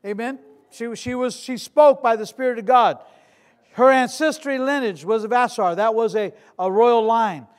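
A man in his sixties, a pastor preaching a sermon with humor and asides, swinging from loud declarations to hushed storytelling. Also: very high-pitched, normal speed, clean tone. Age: 60s.

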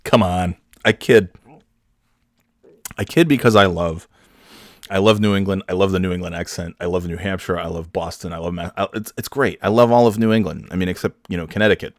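A man from New York rambles through a story in a casual, joking way, full of "uh"s and "like"s. His voice is low and the sound is dry and close, with no room around it. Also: steady tone, a little fast, no echo. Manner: rambling, joking, many fillers. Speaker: vlogger.

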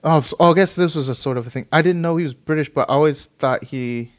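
A fast-talking man with a slightly high voice reads an article aloud, then chats casually about it, rambling and swearing as he reacts.

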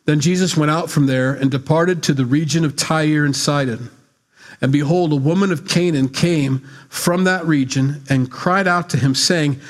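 A man's voice: fairly high pitch, normal speed. A man preaching a sermon, reading scripture and explaining it in a blunt, conversational, teasing way. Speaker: pastor.

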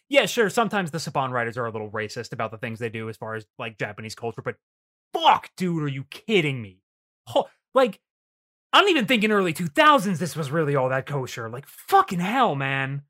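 A man hosting a podcast in casual chat, animated, swearing freely and laughing often. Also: a little high, brisk. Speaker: podcast host.

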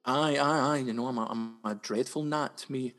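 A young Scottish man, a sketch comedian, chats freely as an interview guest and often stumbles and repeats himself. His voice sits at an ordinary pitch. It rings out with a long hall reverb. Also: steady tone, moderate pace, a bit bright. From Scotland, West Coast. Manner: chatty, repeats words and restarts often. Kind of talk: casual interview chat.

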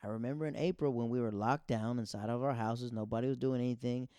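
Male stand-up comic, casual storyteller, smooth warm voice, acts out quotes. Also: medium pitch, fast, no echo. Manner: animated, acts out quoted dialogue. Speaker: stand-up comedian.

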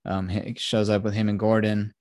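A man's voice: lowish voice, level tone, moderate pace, darkish tone, no echo, studio quality. A young man hosting a podcast, giving a rambling, profane retelling of a film plot in casual chat. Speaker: podcast host.

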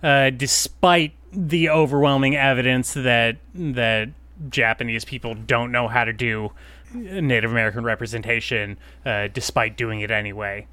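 A man's voice: medium pitch, moderate pace, sharp tone, clear, resonant tone, no room sound. A man co-hosting a podcast who answers a quiz, joking and swearing casually with lots of fillers. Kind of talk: casual chat.

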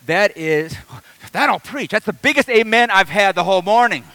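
A man's voice: sits high, expressive, normal speed, sharp tone, no room sound. A middle-aged male pastor from the Detroit area, preaching a sermon through a humorous personal story. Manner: storytelling, self-deprecating humor, builds to preaching.

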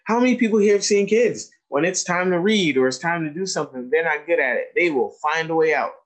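Husky-voiced man lecturing teachers. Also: a little high, fairly quick, rough recording. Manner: animated storyteller, asks the audience questions. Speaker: educator giving a training talk. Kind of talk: lecture to teachers with told stories.

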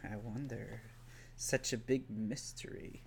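Slow-talking man hosting a podcast. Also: lowish voice, steady tone, creaky, slight background noise. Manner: halting, filler-heavy speech. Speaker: podcast host. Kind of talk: casual chat.

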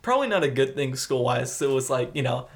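A man's voice: mid-range voice, very animated, quick pace, gravelly. Chill young guy on a podcast, rambling story, swears a lot, mid voice. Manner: laid-back, rambling, swears freely. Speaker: podcast co-host. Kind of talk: casual storytelling chat.

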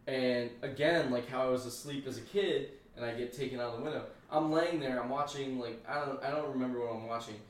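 Casting: male podcast co-host, rambling and profane storyteller, distant mic, very echoey room. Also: medium pitch. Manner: profane, rambling, acts out his own reactions. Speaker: podcast co-host, Army veteran. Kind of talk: casual storytelling.

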